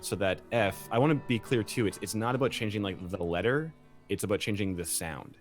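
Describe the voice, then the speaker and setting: A man's voice: fairly low pitch, fairly quick, soft background music. A man who designed a game's language, explaining at length in a casual, filler-heavy way. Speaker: guest game audio and language designer.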